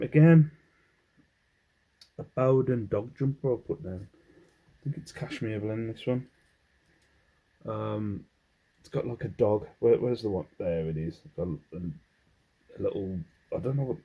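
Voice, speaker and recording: English man, reseller vlog, husky, relaxed rambling, hums between items. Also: mid-range voice, unhurried, long pauses, dull audio. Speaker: clothing reseller. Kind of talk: casual haul vlog.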